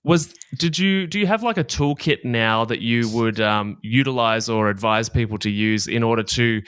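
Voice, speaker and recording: A man's voice: mid-range voice, moderate pace, a bit bright, clean tone, no room sound, clean studio sound. A man hosting a podcast, asking long, rambling questions and encouraging his guest. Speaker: podcast host. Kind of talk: podcast interview.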